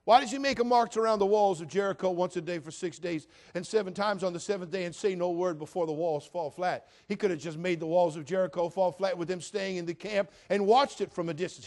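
A male pastor with a high voice delivers a storytelling sermon. He preaches in a folksy, animated way with plenty of humor, talking directly to the people in front of him. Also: fairly quick, hardly any pauses.

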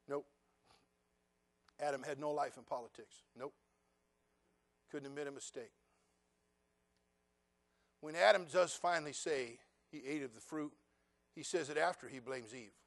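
A man preaching a sermon as pastor, peppering the congregation with questions and sarcastic asides, dropping to quiet remarks and then building to loud, driving passages. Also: medium pitch, measured pace, long pauses.

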